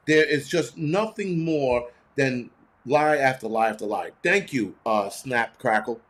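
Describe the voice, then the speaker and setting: A man's voice: medium pitch, measured pace, fairly bright tone. A man hosting his own show, ranting in heated, blunt, profane commentary full of rhetorical questions. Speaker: host.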